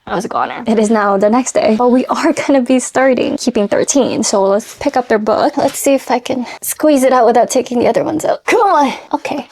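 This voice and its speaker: Emotional young woman book vlogger, slightly high voice, dry close sound. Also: brisk, hardly any pauses, no echo. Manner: emotional, swinging between excited squeals and tearful murmurs. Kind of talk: casual reading vlog.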